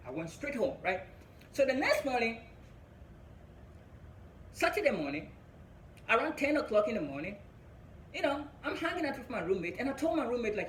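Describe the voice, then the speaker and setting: A man's voice: very high voice, big pitch swings, moderate pace, long pauses, a bit bright, reverberant, a little hiss or hum, low-quality recording. A young man from Africa with an African English accent, telling a stand-up story, chuckling at his own jokes and checking in with "right?" between lines. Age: young adult. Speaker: comedian.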